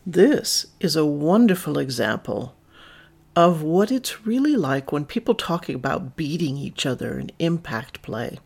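Gravelly man reading a story. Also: fairly high pitch. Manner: calm, measured, intimate storytelling. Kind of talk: reading a first-person story aloud.

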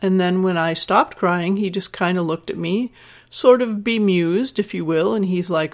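A sex educator and podcast host over fifty speaks frankly and candidly to a listener, offering advice and personal stories in a reassuring, teaching tone. Her voice is fairly low and unhurried.

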